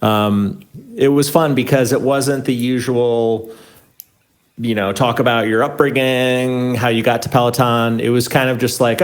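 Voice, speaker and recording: A man co-hosting a podcast, talking through news in a relaxed, conversational way with ums and uhs. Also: medium pitch, unhurried. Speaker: podcast co-host. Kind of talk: casual news chat.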